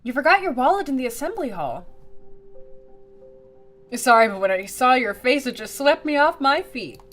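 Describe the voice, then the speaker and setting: A cocky young factory girl from a video game, played by a woman who drops her voice low and soft to tease. Her lines come out lively in pitch, sliding up and down, with faint music underneath. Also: normal speed. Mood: apologetic.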